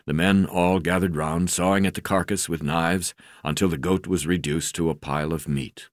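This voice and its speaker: Deep-voiced man reading his memoir. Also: fairly even intonation, moderate pace, no room sound, clean studio sound. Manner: unpolished reading, frequent "uh" fillers and restarts. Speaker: narrator of his own memoir. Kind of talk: memoir narration read aloud.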